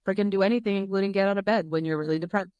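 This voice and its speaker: A woman's voice: mid-range voice, rapid-fire, a little mellow, no room sound, muffled recording. A woman speaking as a podcast guest, talking candidly in an earnest, emphatic way. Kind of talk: candid conversational interview.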